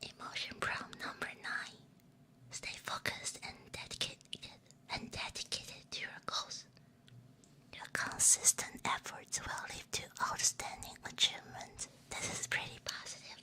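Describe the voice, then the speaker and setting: A young woman VTuber in a playful, giggly whispered role-play on a binaural mic, reading prompts aloud and slipping in Chinese and Japanese phrases. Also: bright, forceful tone. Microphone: binaural 3Dio microphone.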